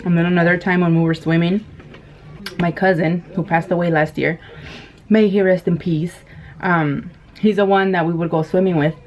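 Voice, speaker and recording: Woman in her thirties, casual mukbang chat, low voice, dull lo-fi sound, faint hiss. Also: fairly even intonation, moderate pace. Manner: chatty, laughs often, many fillers. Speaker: mukbang vlogger. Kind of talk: casual storytelling while eating. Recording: dull lo-fi camera audio with faint noise.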